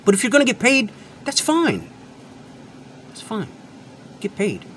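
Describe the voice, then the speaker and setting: A man with a high voice that swoops up and down as he rants straight to his viewers. He lectures and repeats his points for emphasis, and he drops the odd swear word. A faint hum of air conditioning sits behind him. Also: huge pitch swings, unhurried, fairly bright tone. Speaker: channel host and product reviewer. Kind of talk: unscripted ranting monologue.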